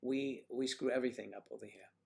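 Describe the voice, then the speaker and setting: A man's voice: medium pitch, fast, creaky, a little mellow. A man hosting a casual livestream, rambling and joking as he reacts to viewer comments. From United States. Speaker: livestream host.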